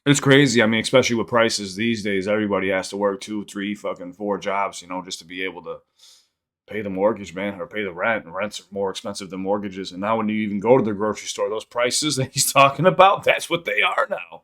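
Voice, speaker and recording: A man's voice: on the low side, a little fast, fairly bright tone. A man hosting a reaction channel, talking casually and rambling with frequent laughs.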